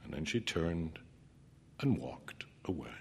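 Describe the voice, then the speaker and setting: A man narrating a first-person story aloud in an intense, dramatic way, his voice sinking at times to a hushed near-whisper. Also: a bass voice, sing-song, takes it slowly, creaky, slight background noise.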